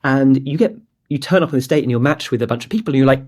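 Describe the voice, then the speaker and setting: A startup founder from England, in his late twenties, talks rapid-fire in a mid-range, darkish voice. Guesting in a casual interview, he rambles candidly through his startup story, leaning heavily on "like".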